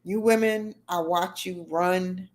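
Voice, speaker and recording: A middle-aged woman hosts a livestream, rambling casually and replying to viewer comments as they come in. Her voice is on the low side, a little mellow, slow, and fairly even in intonation.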